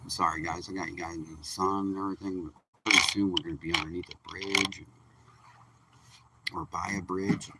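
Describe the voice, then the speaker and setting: A man's voice: sits low, level tone, fairly quick. A man from Michigan chatting casually and folksily while fishing from a kayak on a creek during a live stream. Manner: laid-back, chatty, folksy. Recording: distant mic outdoors with faint noise.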